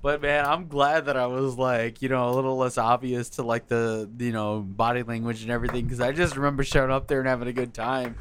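A man's voice: mid-range voice, little pitch movement, brisk, few pauses, a bit bright, clear, resonant tone. A young man in casual chat, easygoing and rambling as he ranks beers.

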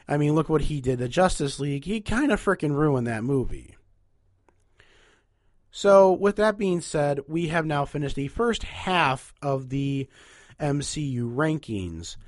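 A young podcast host with a nasal, fairly high, animated voice speaks at a measured pace, rambling upbeat and chatty while ranking movies. The recording is studio quality with no echo.

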